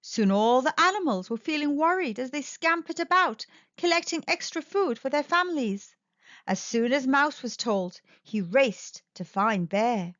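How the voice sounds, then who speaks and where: A woman with a high, very lively voice reads a children's picture book aloud, swooping and playful. The recording is close and dry but a little dull and lo-fi. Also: unhurried, no room sound. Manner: sing-song storytelling with big swings. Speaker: storytime host.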